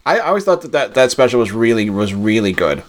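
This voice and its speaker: A man's voice: mid-range voice, very animated, fast. A man from Massachusetts co-hosting a podcast, chatting casually and rambling through his thoughts with restarts. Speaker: podcast co-host. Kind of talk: casual chat.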